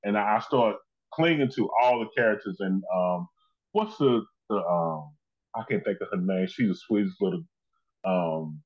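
A man's voice: on the low side, normal speed. Effusive man, muffled audio. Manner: effusive, talks in loose run-on stories. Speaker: host. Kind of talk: casual conversation.

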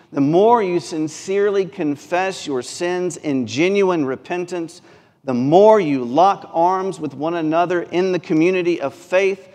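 A man's voice: a little high, a little mellow. A man with a Mississippi accent preaching a sermon as pastor, earnest and building through repeated phrases. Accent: Mississippi Southern. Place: church sanctuary. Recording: long church reverb.

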